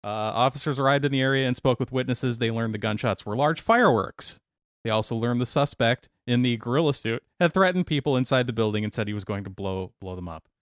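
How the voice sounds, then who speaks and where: A man's voice: medium pitch, fast talker, no room sound, studio quality. A man co-hosting a casual comedy chat, reading out a news story and laughing often. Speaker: podcast co-host reading news stories.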